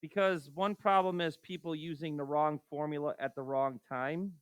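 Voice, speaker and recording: A male math teacher lectures through a recorded lesson, his slightly higher voice bouncing between quick mutters and raised, exasperated questions. The sound is close and dry, with no room around it. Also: clear, resonant tone, no echo. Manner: animated, rhetorical questions to students, exasperated asides.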